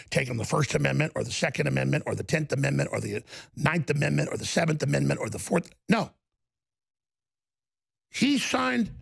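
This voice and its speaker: A man's voice: fairly high pitch, vocal fry, husky. A man hosting heated political commentary, ranting sarcastically. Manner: ranting, sarcastic, jumps between mock voices.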